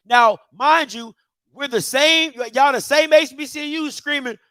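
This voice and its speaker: A man's voice: extremely high pitch, measured pace, bright, forceful tone. A man hosting a heated commentary rant, firing repeated rhetorical questions at viewers in a preacher-like call-and-response cadence. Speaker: commentary show host.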